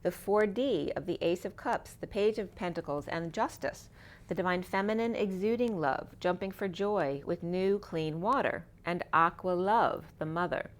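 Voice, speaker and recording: Woman, middle-aged, tarot reader, spiritual monologue, meandering wordplay, lowish voice. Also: normal speed. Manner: meandering, free-associating wordplay.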